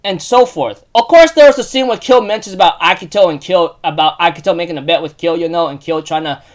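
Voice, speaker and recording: Male anime recapper, high voice, casual and rambling, prone to emotional outbursts. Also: quick pace. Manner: rambling, emotional, many fillers and restarts; bursts into loud excited outbursts.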